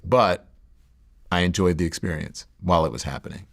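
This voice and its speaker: A middle-aged man telling his life story in a sit-down interview, reflective and halting, with many fillers and restarts. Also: sits low, creaky. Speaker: interview guest.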